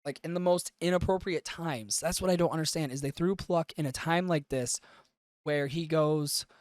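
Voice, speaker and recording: A man's voice: a little high, moderate pace, no echo, studio quality. A man hosting a podcast, recapping an anime in a loose, profane, chatty way with lots of fillers. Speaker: podcast host. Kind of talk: casual anime review recap.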